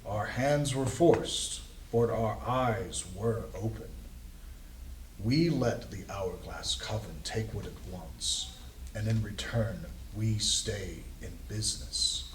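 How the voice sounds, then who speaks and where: A man voicing a gruff, grizzled, calm male carnival boss in a tabletop game. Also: on the low side, takes it slowly, roomy sound, distant mic, slight background noise, voice pushed down, poor audio.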